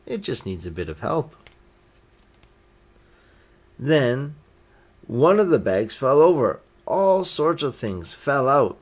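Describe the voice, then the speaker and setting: Slow, lively male storybook reader. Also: slightly rough. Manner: gentle, lifting his pitch for the family's quoted lines. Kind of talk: reading a picture book aloud.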